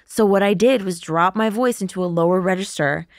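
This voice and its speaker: A woman's voice: mid-range voice, a little fast, no echo, studio quality. A woman guest on a podcast, chatting casually, swearing freely and laughing often. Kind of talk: casual chat.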